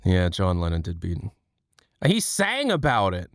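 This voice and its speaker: Streamer type: young guy, casual joking chatter, smooth clear voice, dry close mic. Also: sits low, animated, no room sound. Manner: rambling, joking, quick asides. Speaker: livestream host. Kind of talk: casual chat with chat viewers.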